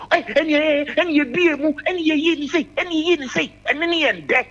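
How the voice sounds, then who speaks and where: A man's voice: extremely high pitch, normal speed, pushed and bright, dull audio. A man calling in to a radio show, talking politics emphatically and repeating his points. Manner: emphatic, repeats key phrases. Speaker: caller. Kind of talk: political call-in commentary.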